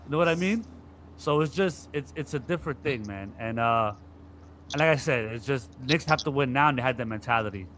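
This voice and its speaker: A man's voice: mid-range voice, brisk. A man co-hosting a sports podcast, talking casually and animatedly about basketball and acting out players' frustration. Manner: animated, acts out players' griping with profanity. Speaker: podcast co-host.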